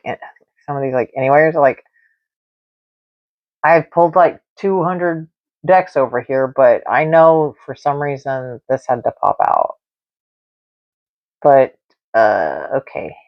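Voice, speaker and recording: A woman's voice: deep voice, no room sound. A woman hosting a live-stream tarot reading, rambling and emotional, with many fillers and repeated words. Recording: dull lo-fi live-stream audio.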